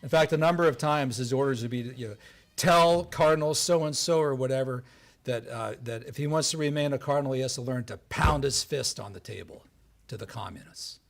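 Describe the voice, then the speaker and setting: A man giving a lively storytelling talk on history before an audience, acting out the voices of the people he quotes. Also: mid-range voice, fairly quick, creaky. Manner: animated, acts out quoted voices. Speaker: lecturer. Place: event hall before an audience.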